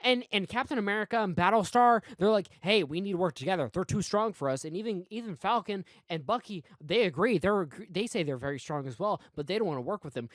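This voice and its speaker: A man's voice: high voice, lively intonation, fast, few pauses, no echo, studio quality. A young man hosting a casual show review, talking in a heated, profane and sarcastic way.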